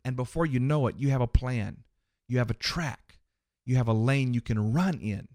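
A man's voice: mid-range voice, dry recording, studio quality. A man giving a motivational sermon on a podcast, emphatic, repeating phrases for rhythm and addressing the listeners directly. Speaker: podcast host and preacher.

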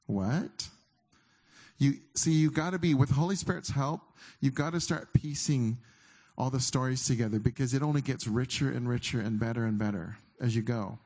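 A man giving a sermon in a conversational way, reading scripture slowly and emphatically between halting, informal asides. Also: mid-range voice, darkish tone. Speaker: pastor.

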